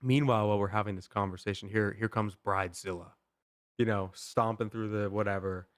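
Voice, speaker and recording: A young man with a low voice tells a story on a podcast, rambling, with "like" and "um" in nearly every sentence. The sound is close and dry, with no room sound. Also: steady tone, a little fast, smooth, no echo. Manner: rambling, full of "like" and "um" fillers. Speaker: podcast host. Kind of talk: casual storytelling.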